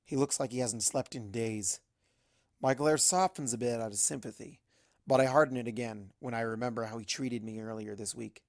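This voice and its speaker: A man narrating a fan-fiction story in first person, with a brisk, wry, chatty delivery. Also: medium pitch, steady tone, no room sound, studio quality. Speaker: fanfic reader.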